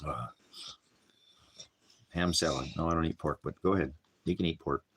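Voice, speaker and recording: A man's voice: very deep voice, steady tone, moderate pace, a little hiss or hum. A man with a cough rambling in casual livestream chat from a small cabin, often talking sweetly to his dog. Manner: rambling, talks baby-talk to his dog. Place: small hot cabin, off-grid farm.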